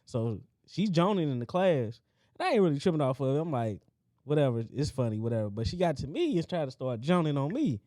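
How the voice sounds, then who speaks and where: A man's voice: fairly high pitch, sing-song, fairly quick, mellow, no echo, clean studio sound. A man co-hosting a podcast, telling a childhood story in casual chat and acting out the quotes. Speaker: podcast co-host.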